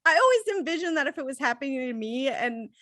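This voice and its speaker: Giggly high-voiced woman, dry close mic. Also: quick pace, no room sound. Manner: giggly, animated, laughs often. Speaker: movie review co-host. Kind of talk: casual chat.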